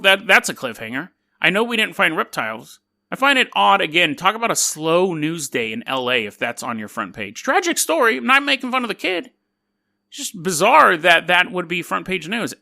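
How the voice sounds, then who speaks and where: A male podcast host spins a spooky story in a loose, joking, rambling manner. His voice is very bright and a little high, and it rises and falls constantly. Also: vocal fry.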